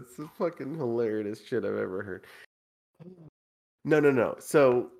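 A man's voice: mid-range voice, animated, measured pace, creaky, long pauses, a little mellow. A man co-hosting a podcast, telling a long story in a rambling, profane way and laughing a lot, and he is tipsy from drinking. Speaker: podcast co-host. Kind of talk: casual storytelling chat.

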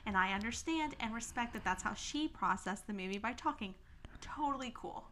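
A young woman with a bright, fairly high voice co-hosts a casual podcast. She tells stories in an animated rush, laughing often and swearing freely. A faint hiss sits under her voice. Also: brisk. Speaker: podcast co-host. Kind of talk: casual chat. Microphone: podcast mic.

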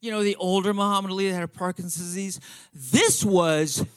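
A man in his fifties telling a comic story to an audience, excitable and profane, stumbling over restarts. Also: high voice, fairly quick, smooth, dry recording.

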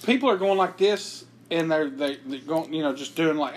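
A British man co-hosting a casual podcast, throwing in quick crude comebacks, swearing, laughing, and sometimes stalling on fillers. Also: a little high, a little hiss or hum. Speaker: podcast co-host. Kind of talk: casual joke-trading chat.

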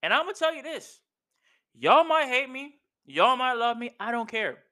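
A man's voice: very high voice, sing-song, normal speed, bright, forceful tone. A man hosting a podcast who rants in an emphatic, slangy way, repeating himself and calling the listener "bro". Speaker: podcast host. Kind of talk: casual wrestling opinion rant.

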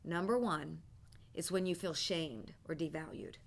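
An older woman teaching a prophetic training class, telling a personal story and acting out her old thoughts with bursts of loud feeling. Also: deep voice, measured pace, gravelly. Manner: animated storyteller, acts out her own past thoughts loudly. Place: classroom with students.

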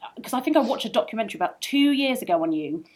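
A woman's voice: on the high side, lively intonation, rapid-fire, darkish tone. A woman hosting an interview, asking questions in an enthusiastic, chatty way. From born near Liverpool, raised elsewhere. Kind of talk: casual interview chat.

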